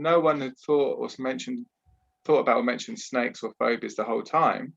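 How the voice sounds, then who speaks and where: A man's voice: medium pitch, moderate pace, creaky, a bit bright, highs cut off. A man working as a trauma therapist and talking earnestly in a podcast interview over a video call, explaining at length with frequent restarts. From Britain.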